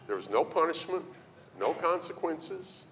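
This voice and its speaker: Animated male preacher in a reverberant hall. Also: on the high side, measured pace, slight background noise. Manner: animated storytelling, acting out quoted voices. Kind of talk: sermon on parenting. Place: church hall. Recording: reverberant hall, faint ambience.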